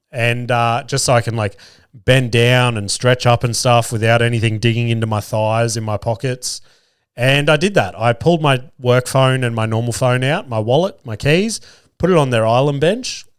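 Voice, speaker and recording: A man's voice: medium pitch, clear, resonant tone, no echo, clean studio sound. A man hosting a podcast, telling a rambling, sweary story about his week as a cabinet maker. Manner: swears freely, rambling with restarts. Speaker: podcast host. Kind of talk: casual storytelling monologue.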